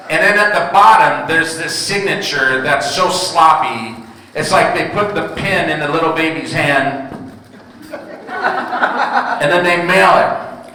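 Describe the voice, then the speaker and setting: A young man performing a stand-up comedy routine, telling animated stories and slipping into put-on voices. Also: on the high side, unhurried, slight background noise. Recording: echoey hall from far off.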